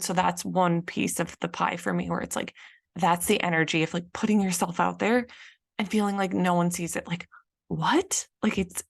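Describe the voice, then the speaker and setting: A young woman talks through a casual solo podcast in a low, gravelly voice with a lot of vocal fry. She is chatty and loose, full of fillers and restarts. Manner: chatty, many fillers, acts out frustrated quotes. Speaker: podcast host and business coach.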